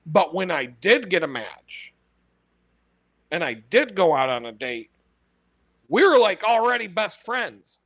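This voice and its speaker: A man rattles off a brash, foul-mouthed story and laughs at his own punchlines. His voice sits high and bright. The mic is close and dry, with no room sound at all. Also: no echo. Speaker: podcast host. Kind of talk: casual profane storytelling monologue.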